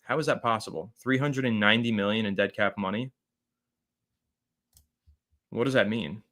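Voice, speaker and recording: A man hosting a live fan stream, chatting casually, rambling and shouting out viewers by name as he reads their comments. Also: on the low side, moderate pace.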